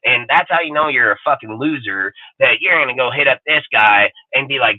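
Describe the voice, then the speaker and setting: A man hosting a livestream panel, ranting in a brash, swaggering way with heavy swearing, his voice swinging between loud bursts and low mutters. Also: brisk, few pauses, no room sound. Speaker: podcast panel host. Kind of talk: profane livestream rant. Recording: tinny phone-like call audio, dry.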